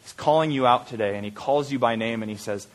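A man preaching a sermon, telling a lively story and then making earnest, quiet appeals. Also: medium pitch, fast talker. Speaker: pastor.

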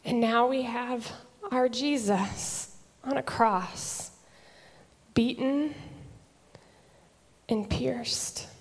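Very slow woman, hushed church reflection. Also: fairly high pitch. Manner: long pauses, drops to a near whisper on quoted words. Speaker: reader of a devotional reflection. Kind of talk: slow dramatic devotional reflection. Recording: long echo of a large hall.

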